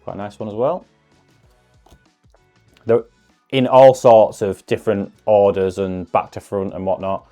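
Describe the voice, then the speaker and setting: A man talks casually through an unboxing, his voice sitting fairly low. He muses aloud with self-deprecating asides as he goes. Soft music plays faintly underneath. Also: measured pace, long pauses. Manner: chatty, musing asides with self-deprecating humour. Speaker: card-opening video host.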